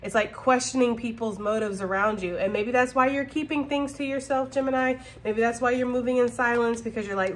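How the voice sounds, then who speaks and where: A woman with a fairly high voice gives a casual tarot reading straight to her viewers. She is blunt and swears freely. She laughs often and keeps checking in with "okay?". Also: steady tone, brisk, few pauses. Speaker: tarot reader.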